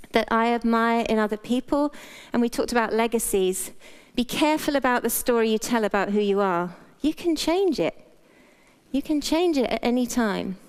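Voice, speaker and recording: A woman's voice: on the high side, smooth. A middle-aged British woman, a doctor, giving a frank, playful motivational talk in a conversational way. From Britain. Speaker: doctor and speaker.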